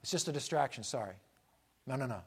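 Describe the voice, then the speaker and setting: A male pastor preaching a sermon, emphatic and repetitive, asking rhetorical questions and swinging from loud declarations to hushed asides. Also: medium pitch, expressive, fast, creaky, husky.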